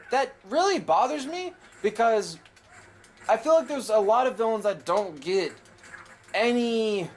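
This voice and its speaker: A young man casually commentating a video game, rambling and opinionated, with frequent swearing. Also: sits high. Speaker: gameplay commentator. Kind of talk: casual let's play commentary.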